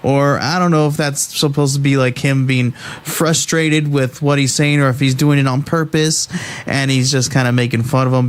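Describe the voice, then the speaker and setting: A man hosting a casual comic book review podcast, talking in an animated, halting way with many restarts. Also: mid-range voice, smooth.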